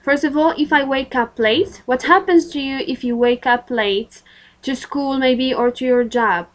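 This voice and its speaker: A woman with a Moroccan accent leads a recorded English grammar lesson, unhurried and patient. Her voice sits a little high, and she pauses with filler sounds as she walks through the exercises. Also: low-quality recording. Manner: patient, instructive, with frequent fillers. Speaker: English teacher.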